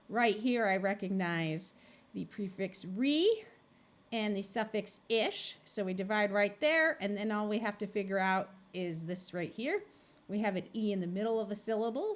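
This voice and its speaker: A woman tutor giving a recorded phonics lesson, explaining each step patiently and sounding words out clearly. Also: mid-range voice. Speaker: reading tutor.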